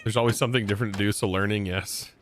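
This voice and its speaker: A man's voice: on the low side, steady tone, very fast, slight background noise. A man livestreaming a game, chatting casually to his viewers as he narrates each move he makes. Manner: chatty, narrates his moves and talks to chat. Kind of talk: live gameplay commentary.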